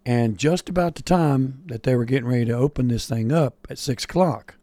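A man's voice: mid-range voice, fairly quick, warm tone, no room sound. A man co-hosting a morning radio show, chatting in an easygoing, folksy way with many fillers. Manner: easygoing, folksy, lots of "you know" and "yeah". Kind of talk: casual on-air chat.

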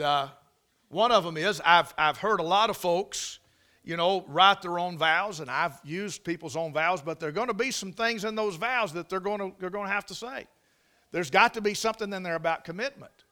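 A man's voice: high voice, moderate pace, sharp tone. A man preaching a sermon, often repeating words, stretching phrases for emphasis and asking the congregation rhetorical questions. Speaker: pastor.

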